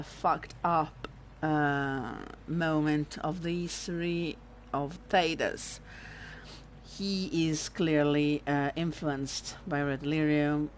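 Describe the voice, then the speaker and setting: Italian-accented woman, gameplay commentary, slow and emotional, lowish voice, faint noise. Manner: emotional, rambling, swearing. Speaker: let's play host.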